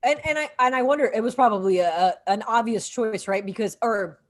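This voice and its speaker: A woman co-hosting a casual podcast about a film, talking animatedly and acting out the characters' lines in quick bursts. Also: on the high side. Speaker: podcast co-host. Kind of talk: casual film discussion over drinks.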